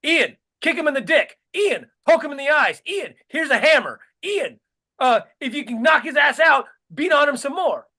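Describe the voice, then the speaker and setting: A man's voice: extremely high pitch, very animated, normal speed, sharp tone, voice pushed up, full character voice. A man putting on an older male politician in his sixties or older who cheerfully urges a fighter to keep hitting. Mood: goading. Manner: goading, egging on.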